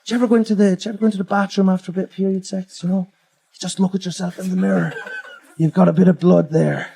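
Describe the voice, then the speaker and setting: A young man doing crude stand-up on stage, laughing as he swings between high yelps and low mutters. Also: flat delivery, racing, creaky, slightly rough. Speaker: stand-up comedian. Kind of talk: live stand-up set. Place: comedy club stage. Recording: live club with loud crowd laughter.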